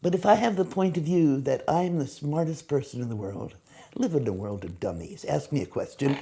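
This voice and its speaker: Acting teacher, woman, low gravelly voice, lively and expressive. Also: a little fast. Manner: animated, acts out examples in quoted voices. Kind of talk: teaching talk to camera.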